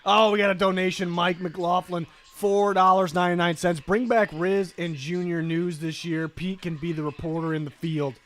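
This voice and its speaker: A man's voice: high voice, steady tone, moderate pace, few pauses, a bit bright. A man co-hosting a live draft watch stream, chatting casually, joking and reading out donations. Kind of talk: casual live reaction chat.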